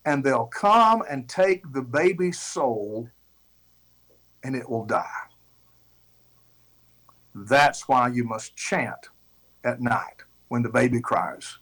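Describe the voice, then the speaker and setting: A man's voice: medium pitch, fairly bright tone, full character voice, poor audio. A man voicing a stern island chief who insists solemnly on what everybody knows.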